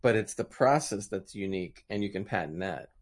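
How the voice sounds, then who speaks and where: A man from the United States with an American accent co-hosting a casual chat show, easygoing and quick to laugh. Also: sits low, expressive. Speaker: podcast co-host.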